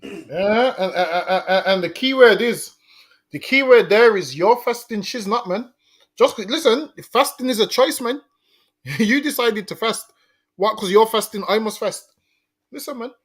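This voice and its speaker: A man talking as co-host on a casual commentary show, his voice sitting high for a man. He is blunt and emphatic and keeps circling back to repeat his points. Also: lively intonation, a little slow, fairly bright tone.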